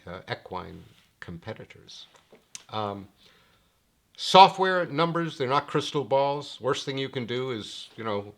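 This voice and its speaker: A middle-aged man teaching horse betting in a wry, lecturing way, his pitch swinging up when he gets excited. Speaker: handicapping teacher. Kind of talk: screen-share explainer monologue.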